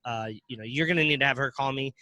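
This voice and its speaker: Man, crypto ATM owner, casual interview, very bright tense tone, halting restarts, dry close sound. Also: mid-range voice, no room sound. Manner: halting, restarts and repeats words.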